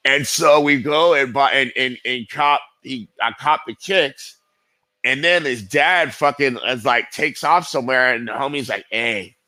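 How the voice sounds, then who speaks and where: A man's voice: mid-range voice, a little slow, bright, forceful tone, no room sound. A middle-aged man telling stories as a guest in a casual interview, rambling and profane, full of fillers. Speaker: guest skateboarder.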